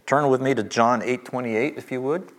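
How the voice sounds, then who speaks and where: Casting: middle-aged male Bible teacher, emphatic, repeats key lines slowly. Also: medium pitch.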